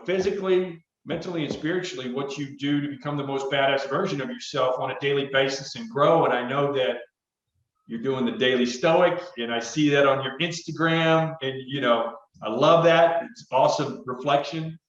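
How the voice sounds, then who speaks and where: A man's voice: mid-range voice, normal speed. Rambling middle-aged man in an echoey room. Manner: rambling, chatty, jokey. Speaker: podcast host. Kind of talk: casual chat. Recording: echoey, distant, dull audio.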